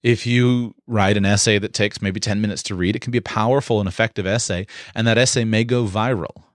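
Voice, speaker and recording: A man giving an instructional talk on communication, explaining in a measured way with occasional fillers. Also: on the low side, steady tone, dry recording, studio quality.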